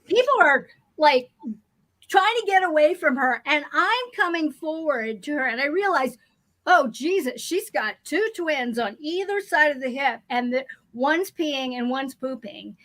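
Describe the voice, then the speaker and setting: Woman, animated storyteller, high and bright voice. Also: a little slow. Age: adult. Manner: animated, acts out panicked voices in her stories. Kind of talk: casual storytelling chat.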